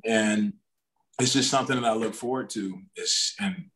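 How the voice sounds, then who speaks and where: Rambling young man, low voice. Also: normal speed, a bit bright, faint music behind, rough recording. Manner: rambling, many restarts and fillers; self-aware talker. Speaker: podcast guest, pro football player. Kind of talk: casual interview chat.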